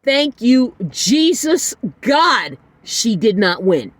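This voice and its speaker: A woman's voice: fairly high pitch, sing-song, slow, dry recording. A woman hosting a solo podcast, ranting bluntly and with exasperation, swearing now and then. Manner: soft, tired sign-off. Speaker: podcast host.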